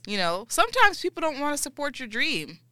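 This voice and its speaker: Bright-voiced young woman co-hosting a chat. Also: high-pitched, a little fast, no room sound. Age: young adult. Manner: animated, encouraging, laughs often. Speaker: podcast co-host. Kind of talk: casual chat.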